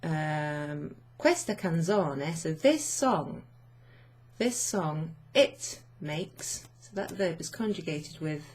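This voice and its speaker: A woman language teacher explaining grammar to her students in an unhurried way, thinking aloud with many fillers. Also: low voice, animated, darkish tone, slightly rough.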